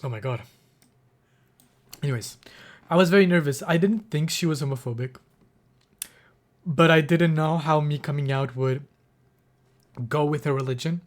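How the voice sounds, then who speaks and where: A young man streaming live, telling a personal story in a rambling, emotional way with many fillers and restarts, close to tears. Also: a little high. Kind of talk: casual livestream storytelling.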